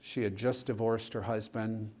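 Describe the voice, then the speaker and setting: Lively male pastor telling a story. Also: on the low side, moderate pace. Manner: animated storyteller who acts out quoted dialogue. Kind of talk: storytelling in a church discussion. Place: church.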